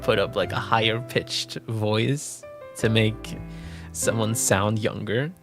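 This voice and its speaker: A man's voice: fairly low pitch, steady tone, takes it slowly. A young man streaming a video game, chatting casually and emotionally and swearing freely. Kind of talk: casual gameplay chat. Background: game music.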